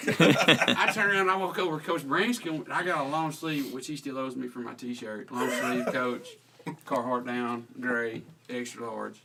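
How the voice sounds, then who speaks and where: A man's voice: medium pitch, steady tone, moderate pace, gravelly, recorded from a distance, noisy background. A young man, a guest telling a story in a folksy, self-deprecating way. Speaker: teacher guest. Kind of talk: casual storytelling.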